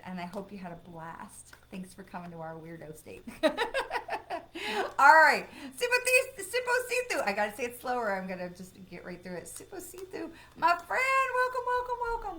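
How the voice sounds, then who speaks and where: A woman's voice: medium pitch, a bit bright. A woman reading cards on a live stream in a chatty, encouraging way, breaking off now and then to ban spammers. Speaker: psychic medium doing live card readings.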